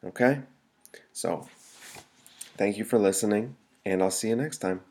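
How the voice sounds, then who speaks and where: A man with a slightly low voice rambles through a solo podcast rant, cracking jokes as he goes. He restarts his sentences often and talks the loose, off-the-cuff way a comedian does on his own show. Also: measured pace, a little mellow, husky.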